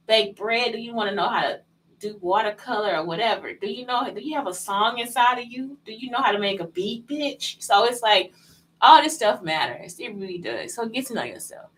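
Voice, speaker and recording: Blunt, swearing podcast host, higher-voiced woman. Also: fairly bright tone, poor audio. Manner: blunt, profane and heated, with rhetorical questions; talks straight to listeners as "y'all". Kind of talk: casual solo podcast monologue.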